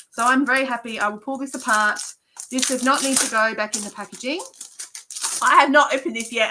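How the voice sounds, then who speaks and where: A woman's voice: a little high, bright, forceful tone, rough recording. A woman who runs a craft shop, chatting casually and gushing over new papercraft stock during a live product show. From Australia. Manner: gushing, enthusiastic.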